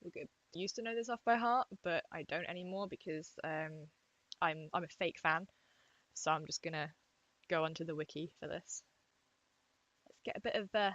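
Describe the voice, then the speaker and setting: A young English woman vlogging at home to her webcam, chatty and self-deprecating, talking quietly so as not to wake the household. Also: on the low side, normal speed, music in the background, low-quality recording. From England. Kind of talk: casual webcam vlog. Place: room at home.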